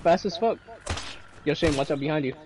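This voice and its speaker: A man's voice: on the high side, brisk, darkish tone. A young man chatting casually while playing a game with friends, joking and swearing. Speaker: gamer.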